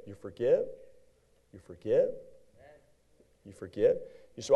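Animated man preaching a lively sermon. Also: mid-range voice, unhurried, long pauses, breathy edge, dull audio. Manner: animated preaching, acts out little scenes, shouts at peaks. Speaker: pastor.

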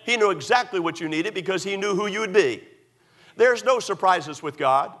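High-pitched middle-aged preacher guy, sermon, keeps repeating himself, lots of uhs. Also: animated, normal speed, fairly bright tone. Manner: emphatic, repetitive preaching with many fillers. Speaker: pastor.

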